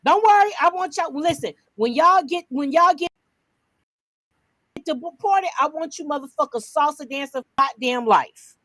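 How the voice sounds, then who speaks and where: A brash woman with a high voice co-hosts a podcast, recorded dry and close. She rants in heated, casual commentary, loud and full of profanity. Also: lively intonation, normal speed, no echo, poor audio. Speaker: podcast co-host.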